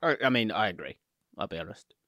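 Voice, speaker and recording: A man's voice: on the low side, very animated, quick pace, bright, forceful tone, no room sound, clean studio sound. Rambling, teasing podcast host man. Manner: rambling, hedging, playful teasing. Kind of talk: casual chat.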